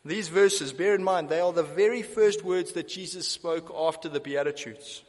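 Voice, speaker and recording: A man preaching a sermon in a church hall, his fairly high voice carried by a long reverb. He speaks emphatically, repeating key phrases to drive them home. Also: moderate pace.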